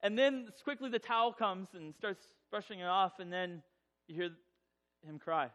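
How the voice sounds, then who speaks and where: Here a man recounts a comic personal story to a crowd, poking fun at himself and acting out voices with animation. His voice is high-pitched, his pace moderate.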